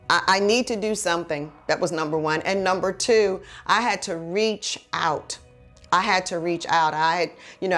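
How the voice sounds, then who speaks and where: A woman's voice: lowish voice, a bit bright. A woman preaching a heartfelt sermon, telling her own story and then leading a prayer in an earnest, exhorting way.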